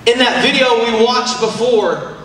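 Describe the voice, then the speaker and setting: A man with a high, bright voice preaches with energy, shouting out and calling on the crowd to answer back. He sounds distant from the mic, his words ringing through a big echoing hall with a faint hum of the room behind him. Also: unhurried. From Oklahoma, USA. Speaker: youth camp preacher. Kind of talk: sermon. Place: large church hall. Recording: echoey hall from far off.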